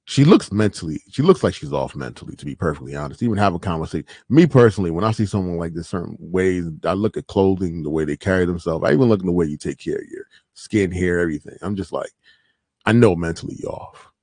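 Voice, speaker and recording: A man hosting a podcast, reacting to clips in casual, reflective commentary that often trails off quietly. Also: deep voice, expressive, quick pace, no echo.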